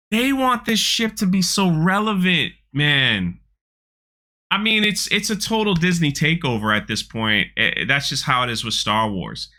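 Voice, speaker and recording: A man's voice: on the high side, sing-song, a little slow, pushed and bright. A man hosting his channel, giving sarcastic, ranting commentary on a trailer with frequent restarts. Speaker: channel host.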